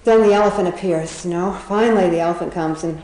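A woman's voice: on the low side, fast talker, dark tone, roomy sound, rough recording. Chatty woman telling a fable. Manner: chatty, laughs often, frequent fillers and restarts. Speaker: storyteller. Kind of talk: casual retelling of a children's fable.

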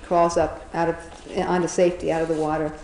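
A woman's voice: deep voice, little pitch movement, brisk, darkish tone, a little hiss or hum. A woman casually retelling an animal fable, rambling with fillers and chuckling as she goes. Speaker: storyteller. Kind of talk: casual storytelling. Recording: roomy echo.

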